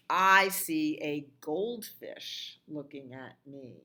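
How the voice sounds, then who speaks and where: A middle-aged woman librarian leading a children's storytime, reading a picture book and singing in a slow, sing-song voice that leaps high on the repeated calls. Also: expressive, fairly bright tone.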